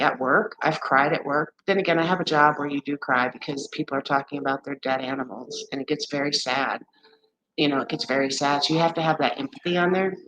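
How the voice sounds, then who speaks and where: Her voice is deep and the recording is low quality. A woman in her forties runs a live stream, talking with viewers casually, candidly and ramblingly, with plenty of swearing.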